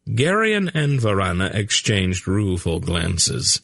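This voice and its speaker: Male audiobook narrator, low gravelly husky voice, unhurried, lively pitch, dry close sound. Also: dry recording. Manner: slow, measured reading with character voices. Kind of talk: scripted narration.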